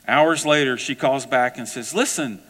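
Storytelling preacher in an echoey hall. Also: male voice, medium pitch, normal speed. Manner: storytelling, animated and conversational. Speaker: pastor. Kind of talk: sermon.

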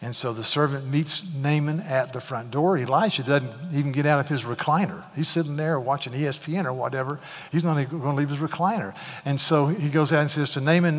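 A man preaching a sermon in a church, retelling a scripture story in an animated way with casual asides. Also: a little high. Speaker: pastor. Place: church sanctuary. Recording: long hall reverb.

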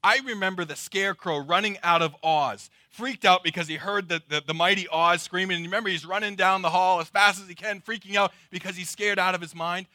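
A middle-aged male pastor preaching with a bright, forceful edge and a slightly high voice. He swings from loud emphasis to hushed, drawn-out words. The sound is dry and close. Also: fairly even intonation, no echo. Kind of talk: sermon.

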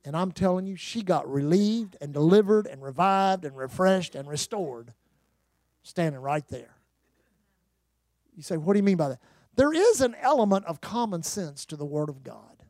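Animated preacher man, lively pitch. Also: normal speed, no room sound. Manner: animated, call-and-response preaching with humor. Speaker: pastor. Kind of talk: sermon.

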